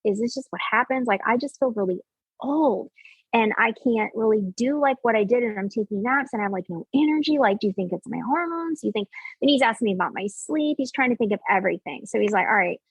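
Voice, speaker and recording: A woman in her forties telling her personal story as a podcast guest, casual and animated, acting out what others said and filling her speech with "like.". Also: on the high side, fast, breathy edge, no room sound, poor audio. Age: 40s. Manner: animated, acts out quoted dialogue, many "like" fillers.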